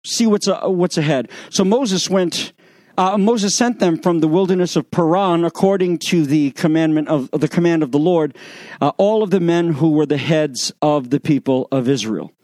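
A middle-aged man preaches with lively, sarcastic energy, acting out the scripture's voices. His voice sits high, and the sound is close and dry. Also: moderate pace, dry recording. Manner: animated, sarcastic, acts out the spies' lines. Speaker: pastor. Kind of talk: sermon.

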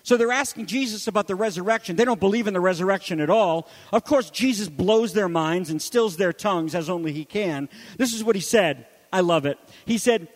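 A man preaching with a high-pitched voice, rising to loud emphasis and dropping to hushed asides. The sound carries a long reverb. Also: animated, moderate pace. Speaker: pastor. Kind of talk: sermon.

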